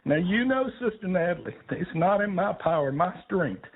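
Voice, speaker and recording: A man's voice: high-pitched, expressive, moderate pace, breathy edge. An older man, a gospel songwriter, telling stories on a radio show, emotional and laughing often. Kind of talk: heartfelt storytelling on a radio call-in. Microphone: phone. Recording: tinny phone line.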